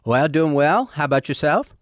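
A man, a pastor hosting a radio talk show, chatting with a guest in a halting way full of fillers. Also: on the high side, lively intonation, dry recording, clean studio sound. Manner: warm, halting, many fillers. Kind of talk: casual interview chat.

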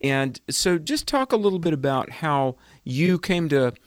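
A man's voice: fairly high pitch, sing-song, a little slow, no echo. A man co-hosting a casual interview, asking a long question in an earnest, complimentary way. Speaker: co-host.

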